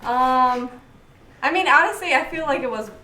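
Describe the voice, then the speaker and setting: A woman's voice: sits high, lively intonation, moderate pace, bright, forceful tone, far from the mic. A young woman from Bolivia, a student guest in a casual chat, recounting events hesitantly with lots of fillers. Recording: echoey room, off-mic, faint noise.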